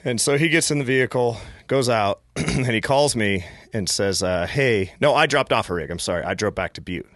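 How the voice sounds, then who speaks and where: Musician guest, male, from Montana, mid-pitched, tells stories with gusto and quoted voices; dead-dry booth sound. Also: moderate pace, few pauses, no echo. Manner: animated storyteller acting out quoted voices. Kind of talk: casual storytelling.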